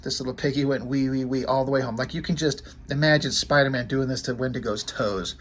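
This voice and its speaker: Rambling, enthusiastic comic book fan. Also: male voice, mid-range voice, steady tone, brisk, a little hiss or hum. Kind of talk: casual video commentary.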